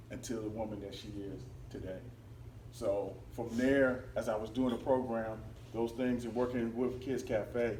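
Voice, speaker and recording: Man telling an animated story in a roomy hall. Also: medium pitch, slight background noise. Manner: animated, breaks into laughter, acts out quotes. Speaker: speaker at a club meeting. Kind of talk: storytelling talk. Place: meeting hall. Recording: roomy, distant mic, faint ambience.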